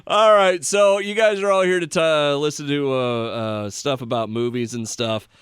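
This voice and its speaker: A man hosting a casual movie chat, lively and playful. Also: fairly high pitch, normal speed, clean tone, no echo, studio quality. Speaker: podcast host.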